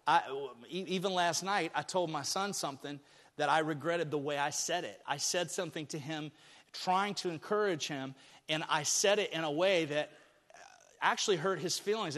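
A man with a high, lifted voice preaches to a congregation, earnest and personal, rising now and then into emphatic declarations. His words ring out with a long reverberant tail from a large church hall. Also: fairly bright tone. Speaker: pastor. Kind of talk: sermon.

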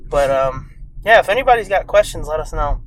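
A man's voice: on the high side, a little fast, rough recording. A man co-hosting a podcast, chatting casually and swearing a lot as he tells stories from a moving car. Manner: animated storyteller, swears a lot, acts out quoted voices. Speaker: podcast co-host. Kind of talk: casual chat streamed live from a car. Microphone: phone held in hand. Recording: phone in a car, road noise.

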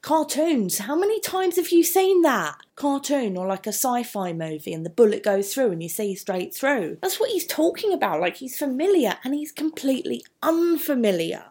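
A woman's voice: sits high, very animated, normal speed, few pauses, darkish tone, husky. A woman teaching English poetry, chatty and thinking aloud with many asides. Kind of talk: poetry analysis lesson.

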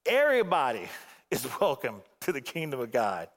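A man preaching a sermon as a guest pastor from the Phoenix area, swinging between emphatic outbursts and hushed, low passages. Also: wildly swooping pitch, normal speed. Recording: long hall reverb.

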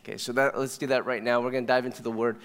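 A man preaching as pastor, telling stories in a casual, animated way. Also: medium pitch, rapid-fire, smooth. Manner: conversational storytelling, animated. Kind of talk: sermon. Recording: long hall reverb.

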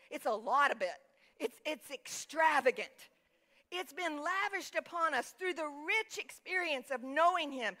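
High bright-voiced woman preaching. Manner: emphatic, calls for congregation responses; reads scripture aloud. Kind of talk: sermon.

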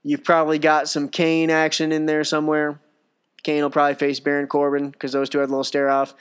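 Male podcast host, slightly high voice, smooth and clear, sarcastic, excitable. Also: fairly quick. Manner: excitable, sarcastic, rambling with fillers. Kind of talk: casual wrestling recap.

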